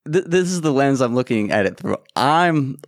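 A man's voice: mid-range voice, lively intonation, normal speed, no echo, studio quality. A man hosting a podcast interview, talking in a hesitant, casual way with frequent restarts. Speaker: podcast host.

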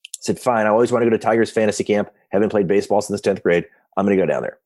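A man in his fifties tells stories from his home office with lots of restarts, his voice rising and falling in a lively way. His pitch sits in a middle register. He sounds like he's talking over a video call. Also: rapid-fire. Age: 50s. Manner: excited, animated retelling with many restarts. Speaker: podcast guest, founder. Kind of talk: casual storytelling.

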